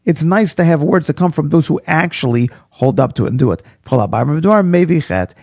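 A man's husky, gravelly voice teaches an informal Torah class in a dry, close recording. He is chatty and animated, weaving anecdotes together with Hebrew quotations. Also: fairly high pitch, fairly quick, dry recording. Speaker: rabbi teaching Pirkei Avos.

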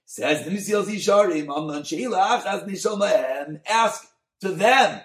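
A man, a rabbi, giving a Torah class on a Mussar text, mixing Hebrew terms into English and swinging from soft to loud. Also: high voice, normal speed, roomy sound. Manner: expressive, dynamic delivery, swings from soft to loud.

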